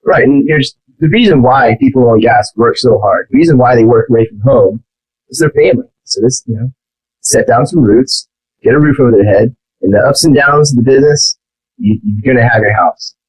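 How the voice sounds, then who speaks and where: A man with a husky, slightly breathy voice, chatting casually on a podcast. He speaks loosely as a lender guest and leans on filler words. His voice sits at a middling pitch. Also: brisk, poor audio.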